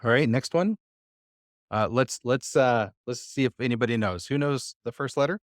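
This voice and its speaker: Male teacher, mid-pitched, patient, quizzes the room, dry close sound. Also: moderate pace, no room sound. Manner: patient, quizzes the class, many "uh" fillers. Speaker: Bible Hebrew teacher. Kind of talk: live classroom lesson. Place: church class room.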